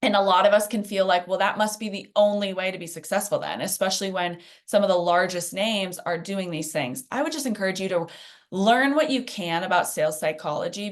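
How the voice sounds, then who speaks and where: A woman presenting a live workshop in a chatty, conversational way, full of fillers and asides. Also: mid-range voice. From Phoenix. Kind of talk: casual teaching in a live workshop.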